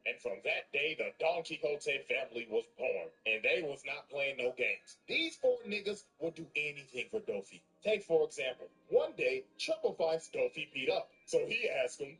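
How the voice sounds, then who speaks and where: A young man retells a story with crude, slangy comic commentary. His voice is fairly high and jumps around a lot, bouncing from low asides to excited peaks. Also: normal speed, hardly any pauses. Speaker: gaming video narrator. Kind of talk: comedic story recap.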